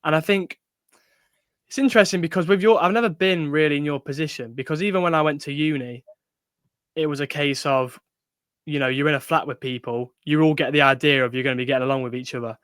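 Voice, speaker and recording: A man's voice: a little high, quick pace, a bit bright, clear, resonant tone, dry recording, clean studio sound. A young man co-hosting a podcast, talking in a supportive, conversational way. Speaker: podcast co-host. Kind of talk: casual chat.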